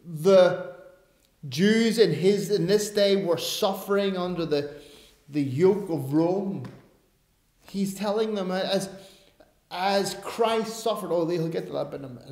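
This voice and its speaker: Male pastor, slightly high voice, emphatic delivery with wry asides, recorded in a reverberant church. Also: slow pace, pauses often. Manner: emphatic, with self-aware asides. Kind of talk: sermon. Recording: roomy church echo.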